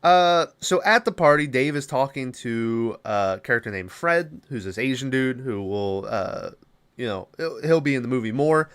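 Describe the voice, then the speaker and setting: A man's voice: mid-range voice, lively intonation, moderate pace, fairly bright tone, smooth. A man hosting a podcast, recapping a movie in a rambling, casual way, full of filler words and swearing. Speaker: podcast host.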